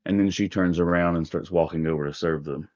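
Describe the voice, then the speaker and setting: Halting man narrating a tabletop game. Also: low voice, fairly even intonation, a little mellow, dull audio, soft background music. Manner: casual, halting, many fillers. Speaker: game master.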